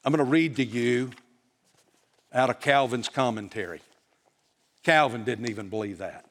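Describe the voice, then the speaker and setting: A man's voice: medium pitch, normal speed. A man preaching a sermon to a congregation, emphatic and full of rhetorical questions. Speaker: pastor. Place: church.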